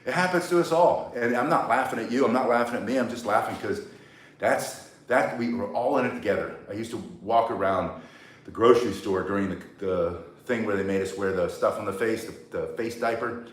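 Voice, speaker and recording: Out in the sun, an older man leads a live workout class on self-defense with a cane, speaking bluntly, wandering off topic, and tossing in jokes. He has a fairly low voice and a brisk pace. The mic sits far off, giving the sound a roomy echo.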